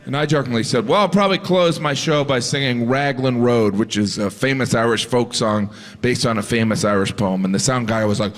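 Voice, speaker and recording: A man performing a stand-up comedy bit, telling an animated story and mimicking other voices. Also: mid-range voice, a little fast. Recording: live stage audio with long reverb and audience noise.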